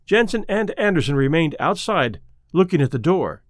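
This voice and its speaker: A man reading a ghost story aloud as narrator, with expressive storytelling. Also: on the high side, moderate pace, no room sound, clean studio sound. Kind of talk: scripted narration.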